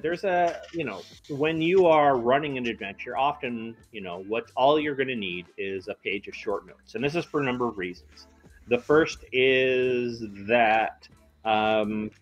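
A man's voice: mid-range voice, highs cut off. A man in casual chat on a game publisher's stream, talking with dry, wry humor.

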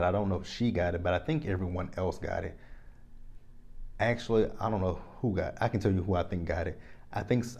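A man recapping a reality show in casual chat to the camera, candid and emphatic, speaking straight to his viewers. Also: fairly low pitch. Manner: candid, animated and emphatic, addresses viewers directly.

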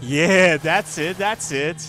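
A man giving let's play commentary, excitable and yelling his reactions at enemies over game music. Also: a little high, slow pace. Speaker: gamer.

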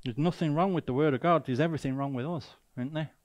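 A man's voice: fairly high pitch, quick pace. A man with a Mancunian accent preaching a sermon as a guest speaker, emphatic and full of rhetorical questions.

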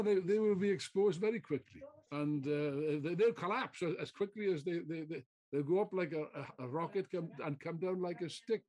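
A man's voice: high voice, a little mellow. A man giving a political speech to a meeting, emphatic, repeating phrases and throwing out rhetorical questions. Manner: mocking mimicry of opponents. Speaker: political speaker.

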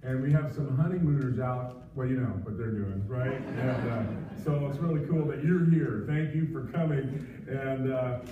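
A man preaching a conversational sermon as pastor, pausing often with fillers, recorded in a church sanctuary. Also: medium pitch, background noise. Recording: echoey, distant, dull livestream sound.

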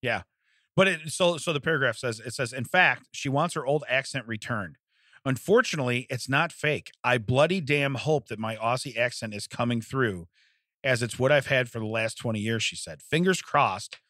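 A man's voice: mid-range voice, moderate pace, sharp tone, no room sound, clean studio sound. A man co-hosting a casual comedy podcast, laughing often and acting out silly voices. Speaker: podcast co-host. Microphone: studio mic.

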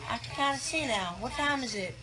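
A woman in a played clip, rambling loopily, slurring and shouting at random. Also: a little high, lively intonation, moderate pace. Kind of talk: loopy rambling.

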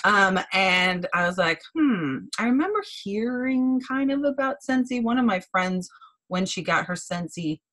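A woman's voice: medium pitch, moderate pace, pushed and bright, low-quality recording. A chatty, bubbly woman giving a blunt training talk as a team director on a video call. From Wisconsin, USA.

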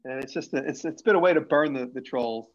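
On lo-fi stream audio, a man who hosts and makes the show chats casually, rambling with lots of fillers and restarts. He speaks at a medium pitch and a little fast.

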